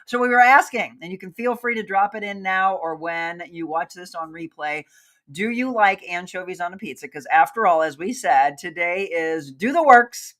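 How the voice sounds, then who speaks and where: A woman's voice: mid-range voice, fairly bright tone. A woman hosting a live show, chatting casually and upbeat while reading viewer comments aloud and talking straight to her audience. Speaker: livestream host.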